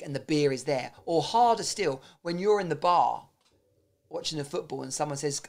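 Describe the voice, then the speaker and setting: A man's voice: on the high side, lively intonation, moderate pace, vocal fry. A man giving a casual, blunt motivational talk, swearing freely and often restarting his sentences. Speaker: self-improvement vlogger.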